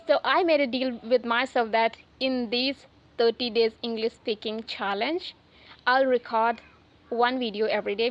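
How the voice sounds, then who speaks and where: A woman's voice: fairly high pitch, dull audio. A woman hosting an English learning channel, talking unscripted to camera in a chatty way, often restarting and correcting herself. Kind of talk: unscripted casual talk to camera.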